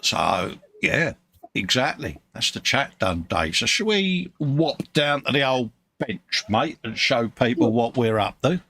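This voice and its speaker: A man's voice: mid-range voice, expressive, a little slow, vocal fry, pushed and bright, breathy edge. A man from the UK co-hosting a live stream, reading out chat messages in a chummy way and calling everyone mate. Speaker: co-host of a live model-building stream.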